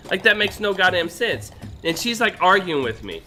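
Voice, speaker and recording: A young man hosting a gaming session, telling a profane, animated story over voice chat. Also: sits high, normal speed. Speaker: gaming channel host. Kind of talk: casual voice chat while gaming. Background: background music.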